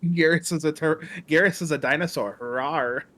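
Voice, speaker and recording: A man's voice: on the high side, steady tone, a little fast, a bit bright. A man chatting casually while streaming a game, laid-back and musing, with a sarcastic streak. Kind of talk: casual gaming stream chat.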